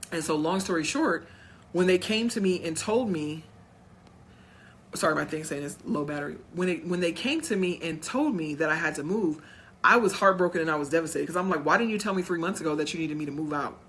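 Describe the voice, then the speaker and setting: A woman vlogger with a fairly low, fairly bright voice speaks in an animated, brisk way over slight background noise. Addressing her viewers at home in a casual storytime vlog, she shares a personal story and performs other people's quoted words.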